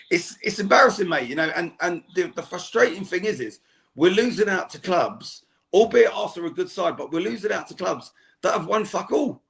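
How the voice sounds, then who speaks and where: Gravelly-voiced man ranting angrily. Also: sits high, lively intonation, a little fast, a bit bright. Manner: angry, swearing rant. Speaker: fan guest on a football podcast. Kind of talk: heated podcast chat. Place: home.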